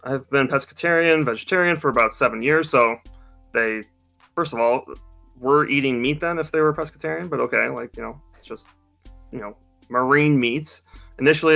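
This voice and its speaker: Bright-voiced sarcastic man. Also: medium pitch, gravelly. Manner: sarcastic, mocking. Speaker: YouTube host. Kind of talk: casual chat.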